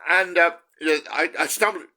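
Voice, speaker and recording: A man's voice: fairly high pitch, a little fast, sharp tone. A man from the UK, a self-styled prophet, giving an earnest, rambling spiritual monologue with many restarts.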